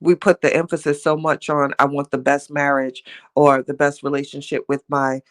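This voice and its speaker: A woman's voice: sits low, flat delivery, moderate pace. Reflective woman chatting on a live stream. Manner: reflective and conversational, greets viewers by name; peppers talk with "you know what I'm saying". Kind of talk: casual live-stream chat.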